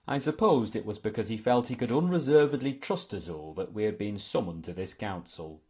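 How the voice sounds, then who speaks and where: A man's voice: lowish voice, fairly quick, breathy edge. A man narrating an audiobook in a storytelling tone, shifting between voices for many characters. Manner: expressive, voicing many characters.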